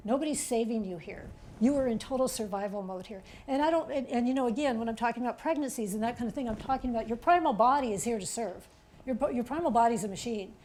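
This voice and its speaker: A woman author giving a chatty, animated presentation to an audience, pointing things out on a chart and checking in with "okay?". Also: a little high, fast talker, a little hiss or hum. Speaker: author giving a public talk.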